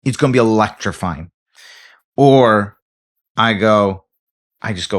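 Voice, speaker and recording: A man's voice: mid-range voice, brisk. A man, a comedian co-hosting a podcast, telling a story in casual chat and acting out the people in it. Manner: animated storytelling, acts out voices.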